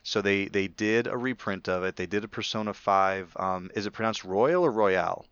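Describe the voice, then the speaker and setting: A man's voice: fairly low pitch, steady tone, brisk, fairly bright tone, clean tone, dry recording, lo-fi sound. A man in casual podcast chat, talkative and rambling with many restarts. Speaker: podcast co-host.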